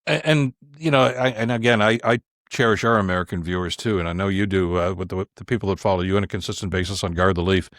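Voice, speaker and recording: Fast-talking man, emphatic. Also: low-pitched, no echo, studio quality. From Canada. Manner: emphatic, animated, repeats words when starting a point. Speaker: podcast host as guest. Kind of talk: conversational opinion talk.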